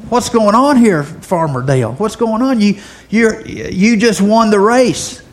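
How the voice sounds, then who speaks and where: A man's voice: sits high, unhurried, slight background noise, voice pushed up. A man voicing a friendly, easygoing country farmer in a church lesson story.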